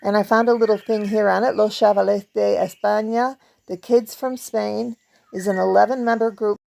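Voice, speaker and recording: A woman hosting a casual vlog, chatting warmly about pictures and reading from a book, laughing now and then. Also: medium pitch, steady tone, fairly quick, vocal fry. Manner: chatty, laughs often, hums song snippets. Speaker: video host; performer.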